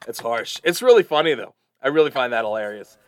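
A middle-aged man with an East Coast American accent co-hosting a podcast, chatting in a rambling, animated way with frequent fillers. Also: mid-range voice, fast talker, clean tone, no room sound. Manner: rambling, animated, swears casually. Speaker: podcast co-host. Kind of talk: casual chat.

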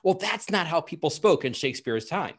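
A man's voice: fairly high pitch, sing-song, a little fast, breathy edge. A man who is a guest on a podcast, explaining a pet subject eagerly in casual chat. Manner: enthusiastic, explains at length.

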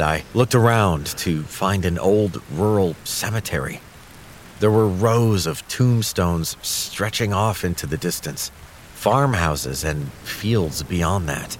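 A man reading a horror story aloud in a steady, measured storytelling manner. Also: sits low, a little hiss or hum. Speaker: narrator. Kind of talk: scripted horror narration. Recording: music under the voice.

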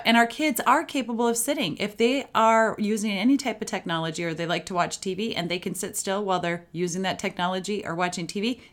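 A woman's voice: mid-range voice, a bit bright. A woman, a parenting coach, hosting a solo podcast in an upbeat, matter-of-fact coaching tone.

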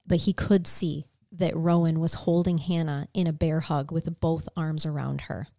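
A woman co-hosts a podcast, telling a true crime story in an earnest, conversational way and sounding emotionally moved. Her low, creaky voice has little pitch movement and a moderate pace, and crowd noise is audible.

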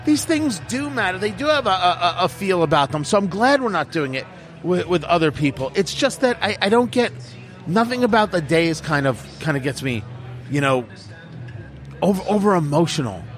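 Animated, blunt middle-aged man. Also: sits high, normal speed, faint music behind. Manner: blunt, opinionated, emphatic. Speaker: radio host. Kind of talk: casual chat.

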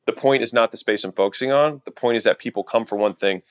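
A man hosting a podcast, talking casually through business advice and telling a story. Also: medium pitch. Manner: casual, storytelling with quick character voices. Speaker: podcast host.

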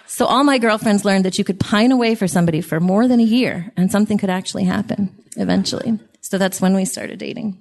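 A middle-aged woman looks back on a personal story as a guest on a podcast. She speaks in a reflective, gently emotional way, with a pitch in the middle range for a woman. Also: fast, creaky, hardly any pauses. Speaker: podcast guest, host's wife.

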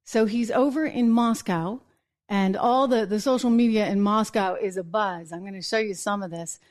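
A woman hosting a live political commentary show, talking in a chatty way with quick asides and restarts and wry laughs at her own points. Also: medium pitch, a little mellow.

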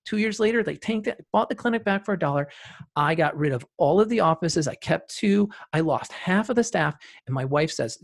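A man guest on a podcast, telling stories from running a practice with emphatic repetition and loud rising bursts. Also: fairly high pitch, animated, a little fast, creaky. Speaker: guest, practice owner and CEO. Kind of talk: podcast interview storytelling.

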